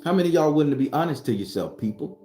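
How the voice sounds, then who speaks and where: A man's voice: on the high side, lively intonation, very fast, dark tone, roomy sound, faint music behind. A man giving a blunt, profane motivational talk as a spiritual vlogger and tarot reader. He preaches in repeated phrases. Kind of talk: casual motivational monologue. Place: sitting behind his home studio.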